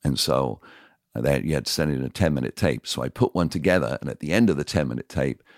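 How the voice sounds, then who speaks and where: An older man with an English accent, a podcast guest telling lively anecdotes from his radio career in a casual way. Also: rumbling low, quick pace, no room sound, clean studio sound. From England. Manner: animated anecdotes, lively voiced quotes. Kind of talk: casual storytelling.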